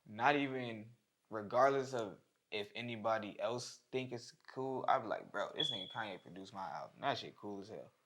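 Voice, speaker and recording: A young rapper talks in a low, laid-back voice, full of slang. His lines often fade away softly. The conversation stays loose and unhurried. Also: expressive. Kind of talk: casual chat.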